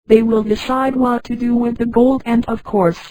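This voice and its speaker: A text-to-speech woman's voice reading the lines of a middle-aged male treasure patron in a flat, unchanged voice. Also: on the high side, normal speed, close to an everyday voice, poor audio. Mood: plain. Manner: flat synthetic read, no change of voice.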